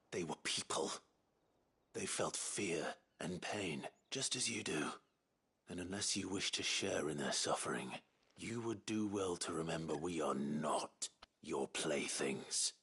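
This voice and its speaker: Stern loner hero in a game, gravel-deep and husky. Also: male voice, expressive, bright, forceful tone, exaggerated voice. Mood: threatening. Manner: grim, firm, measured. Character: stern branded hero, adult man, defiant loner. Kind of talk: video game voice acting.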